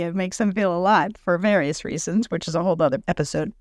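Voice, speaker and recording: A woman talking casually on her podcast as an energy healer, animated and laughing often, acting out quoted thoughts in a higher voice. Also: brisk, no echo, clean studio sound. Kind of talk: casual spoken podcast monologue.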